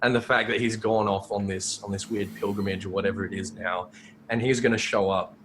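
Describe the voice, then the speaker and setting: A man's voice: on the low side, fairly even intonation, a little fast, noisy background. A man co-hosting a podcast, rambling through a casual discussion with many fillers and restarts. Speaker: podcast co-host.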